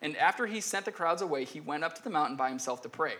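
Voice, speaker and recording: A young pastor gives a casual, conversational sermon, often voicing people in the story and frequently restarting his sentences. He talks fast in a fairly high, animated, sharp-toned voice.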